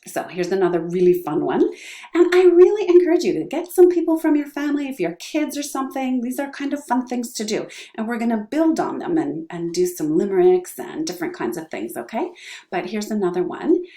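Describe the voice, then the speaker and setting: A woman's voice: mid-range voice, big pitch swings, brisk, mellow, roomy sound. A middle-aged woman teaching drama, upbeat and encouraging, who checks in with her students often. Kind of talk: online class lesson with vocal warm-ups.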